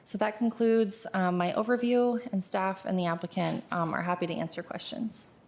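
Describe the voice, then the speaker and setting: A woman on county planning staff giving a formal briefing to a board. She is steady and businesslike, with frequent "um" fillers. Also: mid-range voice, normal speed, vocal fry, slight background noise. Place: public meeting chamber.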